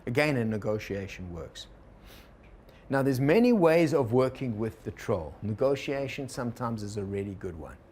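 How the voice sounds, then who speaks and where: A man's voice: medium pitch, animated, normal speed, a little mellow, breathy edge. A man giving a workshop lecture on personal change, telling a fable, voicing inner thoughts and asking the audience questions. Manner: storytelling with quoted inner voices, asks the audience questions. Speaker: organizational consultant teaching a workshop.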